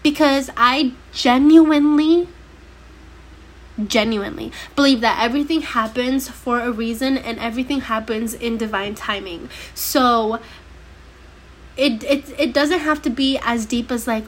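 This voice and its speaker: A woman's voice: on the high side, a little slow, a little hiss or hum. A young woman hosting her own podcast in casual solo chat, a bit stuffy from a cold, talking in a slangy, emphatic way. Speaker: podcast host.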